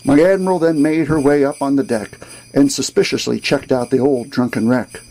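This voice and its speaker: A man reading a comic holiday rhyming poem aloud in a measured, storytelling rhythm. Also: mid-range voice, fairly even intonation, gravelly, a little mellow, low-quality recording. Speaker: boating video host reading a holiday poem.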